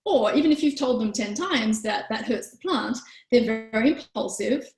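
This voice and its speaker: A woman's voice: lively intonation, moderate pace, darkish tone. A woman, teaching a parenting workshop in a chatty way and acting out quoted lines. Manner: chatty, acts out quoted lines in higher voices. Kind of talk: online workshop talk. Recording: echoey room.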